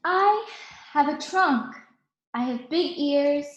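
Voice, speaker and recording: A woman voicing a gentle, worried male elephant who speaks in a sad, earnest way. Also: high-pitched, lively intonation, slow, roomy sound, dull audio, full character voice.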